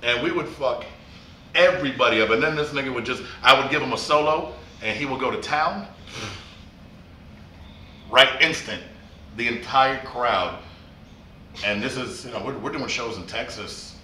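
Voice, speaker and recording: Bright, joking man DJ, swearing. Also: mid-range voice, normal speed, long pauses. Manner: swearing, acts out dialogue, jokey. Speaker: DJ guest. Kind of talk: casual storytelling interview. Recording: echoey room, slightly distant, faint noise.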